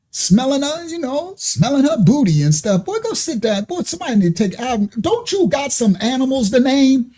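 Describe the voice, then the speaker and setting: Animated, slangy preaching man. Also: extremely high pitch, moderate pace. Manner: animated, slangy, laughs often. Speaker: ministry host. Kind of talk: casual streamed preaching.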